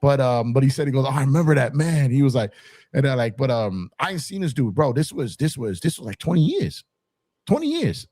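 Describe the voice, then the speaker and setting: A man telling a profane, animated story in casual podcast talk. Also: medium pitch, fairly quick, breathy edge, no echo, studio quality. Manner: animated, profane, acts out quotes. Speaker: podcast co-host.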